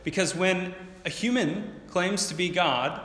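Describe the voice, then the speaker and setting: A man's voice: high-pitched, measured pace, a bit bright, echoey room, in a large hall. A man preaching a sermon as pastor, explaining earnestly and building up to emphatic points.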